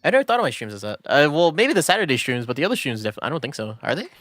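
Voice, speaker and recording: A man's voice: a little high, very animated, very fast, fairly bright tone, dry recording, soft background music. A man chatting casually while streaming a game, laid-back and rambling, laughing often between thoughts. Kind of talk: casual gaming stream chat.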